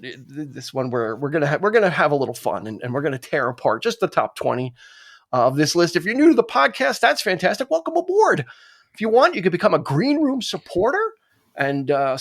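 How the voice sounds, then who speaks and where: A man hosts a podcast in loose, joking conversation. His voice sits high and swings widely in pitch, and he often trips over and restarts his words. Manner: animated, joking, stumbling restarts. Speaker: podcast host. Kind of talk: casual chat.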